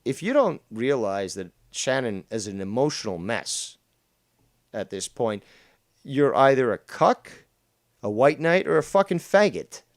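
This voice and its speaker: A man's voice: mid-range voice, big pitch swings, unhurried, no echo, clean studio sound. A man streaming commentary over a clip, combative, profane and mocking.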